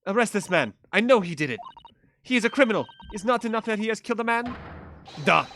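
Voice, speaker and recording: A man's voice: sits high, animated, quick pace, sharp tone, slight background noise, voice pushed up, exaggerated voice. A man voicing a haughty, accusing woman passenger with a put-on Russian accent. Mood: indignant.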